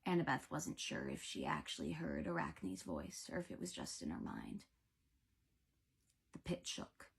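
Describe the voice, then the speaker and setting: A woman's voice: very deep voice, huge pitch swings, unhurried, vocal fry, breathy edge. A woman reading a novel aloud with dramatic, varied pacing. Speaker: audiobook reader. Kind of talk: expressive book narration.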